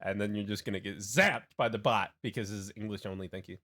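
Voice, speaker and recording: A man's voice: fairly low pitch, fast, bright, forceful tone. A young man from Hawaii chatting casually on a game stream, rambling with many restarts and laughing asides.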